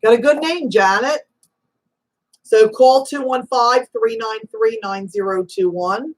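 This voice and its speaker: A woman hosts a live call-in spiritual reading show, working as a psychic reader with an Italian-American background. She sounds emphatic and maternal, calling guests honey and sweetie, in a voice a little high and a little slow.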